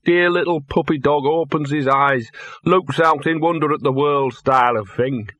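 A man voicing a scruffy, cynical, drunken little male dog in a gruff, hoarse voice, grumbling and lecturing at a slow pace. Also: medium pitch, fairly bright tone, dry recording. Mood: self-pitying. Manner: grumbling, self-pitying, lecturing.

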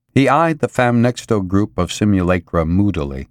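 A man narrates a novel with expressive, dramatic storytelling. His low voice rises and falls in a lively way. The recording is close and dry. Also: moderate pace, hardly any pauses, no room sound. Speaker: audiobook narrator. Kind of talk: scripted narration.

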